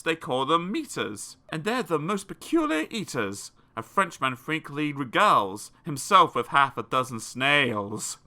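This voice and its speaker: A man in his forties reading children's rhyming poems aloud with a playful, expressive delivery. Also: medium pitch, moderate pace, few pauses. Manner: lively, expressive, playful recitation. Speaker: audiobook reader.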